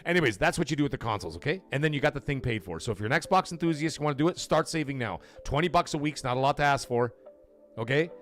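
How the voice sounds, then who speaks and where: Animated male gaming livestream host. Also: quick pace. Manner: animated, loud swings in pitch, swears freely. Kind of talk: casual livestream rant.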